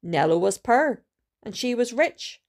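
A woman reading a storybook aloud with a steady, careful delivery and small restarts. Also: a little high, a little slow. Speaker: student reader.

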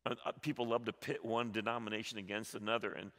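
Gravelly, bright-voiced preaching pastor. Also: male voice, lowish voice, level tone, fast talker, long reverb tail. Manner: impassioned preaching that swings between loud and soft, repeating words. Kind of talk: sermon. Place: church sanctuary.

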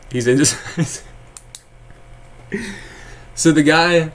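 Rambling, sarcastic male streamer from Texas. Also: mid-range voice. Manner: rambling, laughs often, sarcastic asides. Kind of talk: casual live-stream chat reading viewer comments.

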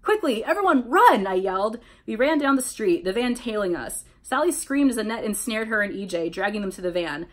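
A woman hosting a read-aloud of a fan story, narrating in an animated, mock-dramatic way. She breaks off for wry asides of her own. Her voice sits at a middle pitch. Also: fairly quick, few pauses. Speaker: reader, channel host. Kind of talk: reading fan fiction aloud with commentary.

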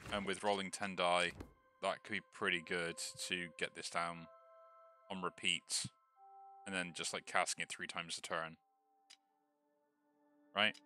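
A man hosting a game video, thinking aloud in relaxed let's play commentary, with the hiccups. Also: low voice. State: has the hiccups. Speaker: gaming channel host. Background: background music.

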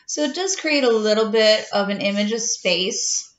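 A woman's voice: mid-range voice, expressive, moderate pace. A middle-aged woman, an art teacher, talking step by step through a drawing tutorial in a chatty way. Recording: echoey room, dull lo-fi sound.

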